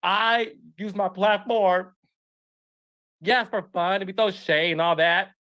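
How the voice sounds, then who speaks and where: A man's voice: sits high, steady tone, takes it slowly, sharp tone. A man hosting a podcast, speaking earnestly and emotionally, often repeating himself. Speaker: podcast host.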